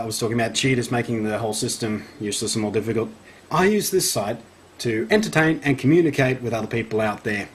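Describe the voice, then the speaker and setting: Australian male vlogger, raspy edge, mid-pitched, wry and sarcastic while reading text aloud. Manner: sarcastic, wry, laughs between lines. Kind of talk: reading an article aloud with commentary.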